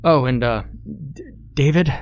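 A man's voice: medium pitch, moderate pace, pitched above the performer's own voice, natural voice. A man voicing a frightened, nervous young male office worker who stammers in a panic. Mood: stammering.

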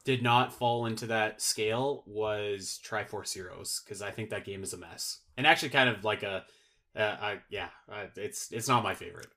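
A man's voice: lowish voice, normal speed, pushed and bright. A man chatting casually as a podcast guest, rambling and filling his sentences with "like" and restarts. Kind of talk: casual chat.

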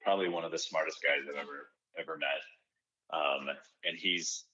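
Male guest, very low pitch, forceful tone, earnest and reflective, muffled recording. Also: steady tone, normal speed. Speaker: podcast guest, comedy festival producer. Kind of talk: reflective conversational talk.

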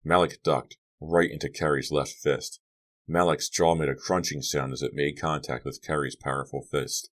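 A man narrating a young-adult horror novel as an audiobook reader, steady and dramatic. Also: very deep voice, moderate pace. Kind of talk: scripted narration.

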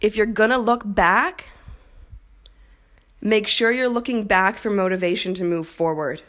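A woman's voice: medium pitch, a little slow, a bit bright. Profane, candid young woman telling a story. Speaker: podcast host. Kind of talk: casual storytelling monologue.

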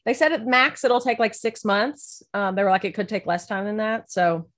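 A woman co-hosting a podcast in casual chat, talkative and self-deprecating, with a slight lisp from clear aligners in her teeth. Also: mid-range voice, a bit bright. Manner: chatty, self-deprecating, quick to laugh. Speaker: podcast co-host.

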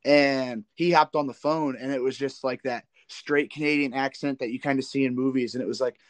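Hosting a podcast, a man from the American Midwest asks casual interview questions that ramble on, with plenty of restarts and repetition. He has a medium-pitched, fairly even voice, speaks a little fast, and the recording has no room sound.

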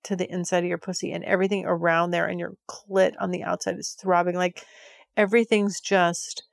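Woman host with a gravelly fry, just rambling candidly, dry close-mic sound. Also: on the low side, level tone, fairly quick, dry recording. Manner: frank, rambling, heavy use of filler words. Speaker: podcast host. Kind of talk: candid monologue.

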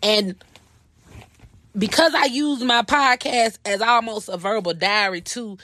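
A woman's voice: on the high side, a little slow, sharp tone, no room sound. A woman in her thirties hosting a personal podcast, telling a story in a blunt, profane, heated way. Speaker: podcast host.

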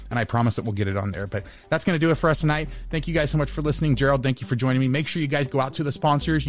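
Upbeat man signing off a podcast. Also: mid-range voice. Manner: casual, upbeat, a few stumbles. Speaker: podcast host. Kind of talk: show sign-off and promo read.

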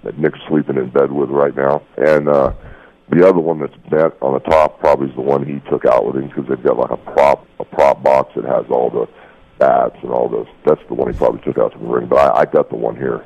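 A man's voice: extremely low pitch, fairly even intonation, a little fast, gravelly, a little mellow, husky. A middle-aged man telling a heated, profane story over the phone and calling people "brother". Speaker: guest. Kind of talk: casual phone interview. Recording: lo-fi phone line.

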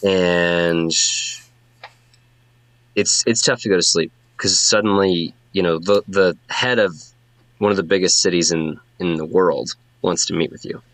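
A man narrating as game master in a halting way, with many fillers. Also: low voice, steady tone, fairly bright tone, no echo.

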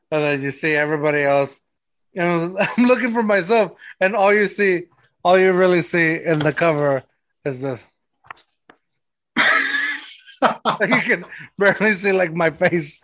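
A man chats loosely on his podcast, his voice sitting a little high. He rambles through stories and leans on "like" between his thoughts. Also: normal speed, long pauses, a bit bright, no echo. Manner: rambling storyteller, lots of "like". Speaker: podcast host. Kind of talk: casual chat.

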